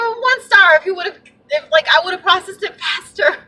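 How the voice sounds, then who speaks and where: A young woman vlogger telling a story in a casual, animated, indignant way, full of fillers. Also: very high-pitched, brisk, distant mic, rough recording. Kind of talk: casual vlog rant.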